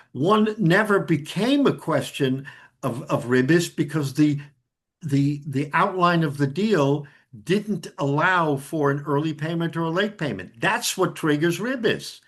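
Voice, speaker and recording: Rabbi teaching a Talmud class. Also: male voice, fairly high pitch. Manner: explanatory, many restarts, Hebrew and Aramaic terms. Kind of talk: Talmud lesson.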